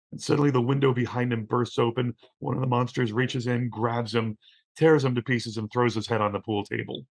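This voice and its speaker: A man talking casually as a podcast guest, an animated storyteller who acts out the quotes he tells. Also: mid-range voice, brisk, creaky. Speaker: guest, theatre professor. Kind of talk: casual conversation.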